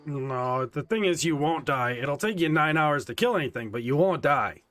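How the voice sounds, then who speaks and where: A man's voice: fairly high pitch, lively intonation, moderate pace, fairly bright tone. A man in casual gaming chat over voice call, confidently explaining how the game works. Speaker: gamer in a voice chat.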